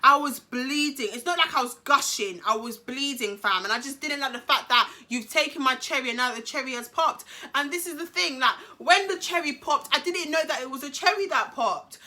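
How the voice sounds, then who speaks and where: A woman, telling an animated, slangy storytime vlog. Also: sits high, a little fast, hardly any pauses. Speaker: vlogger.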